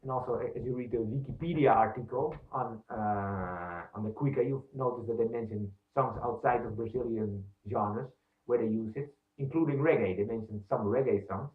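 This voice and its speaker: Man in his own voice teaching percussion, counts beats aloud and explains slowly; distant, thin phone-like recording in an echoey room. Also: mid-range voice. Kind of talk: instructional demonstration.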